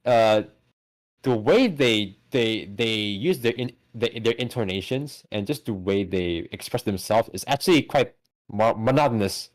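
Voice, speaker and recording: A man co-hosting a casual movie podcast, talking in animated bursts full of stammered restarts and swearing. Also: lowish voice, unhurried. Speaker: podcast co-host. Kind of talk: casual chat.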